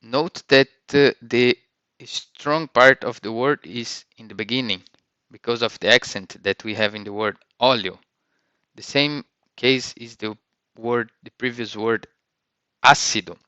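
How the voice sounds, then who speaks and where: Slow, bright-voiced man teaching vocabulary. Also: mid-range voice, no room sound. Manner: slow, clear, repeats each word twice. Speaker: language teacher. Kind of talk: vocabulary lesson with repetition.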